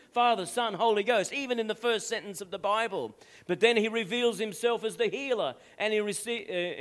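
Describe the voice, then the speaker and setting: High-voiced older pastor preaching. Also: male voice. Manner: emphatic preaching with frequent "amen?" asides. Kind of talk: sermon.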